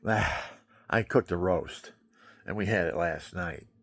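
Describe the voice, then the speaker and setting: A man's voice: low-pitched, slow, a bit bright, dry recording, studio quality. An older man with a stuffy nose, rambling chattily at home in a casual vlog and showing things as he talks. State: stuffy nose, talking through his nose.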